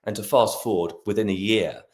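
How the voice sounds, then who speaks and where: Man, middle-aged, very low voice, animated and expansive, restarts often, video call interview. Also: fairly quick. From Britain. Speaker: guest astrologer. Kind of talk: podcast interview.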